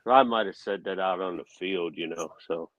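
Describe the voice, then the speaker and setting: A man's voice: low voice, normal speed, a bit bright, no room sound. A man chatting casually as a podcast co-host, speaking bluntly and profanely in a laid-back way. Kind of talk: casual chat. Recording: dull, dry lo-fi sound.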